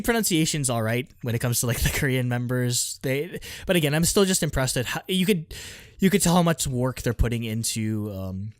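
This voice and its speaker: A man's voice: medium pitch, no room sound, clean studio sound. A man co-hosting a podcast, chatting casually with lots of "like" and laughs. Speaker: podcast co-host. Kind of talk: casual chat.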